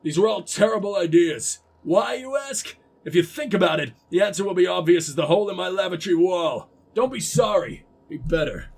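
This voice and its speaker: A man with a Cockney accent voicing a stern male sports coach who lectures his team, straining for an American gruffness. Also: high voice, animated, a little fast, hardly any pauses, heavily acted. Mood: lecturing.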